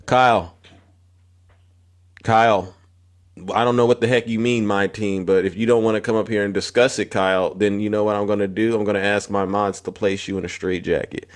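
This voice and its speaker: A male livestream host runs a political stream in a confrontational, preachy way, repeating phrases and calling out viewers by name one after another. His tone stays steady and his pace is fairly quick, though his pitch rises on the emphatic lines.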